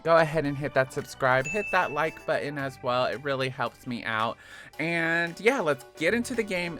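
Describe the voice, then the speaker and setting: A male gaming channel host giving enthusiastic, expressive let's-play commentary. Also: mid-range voice.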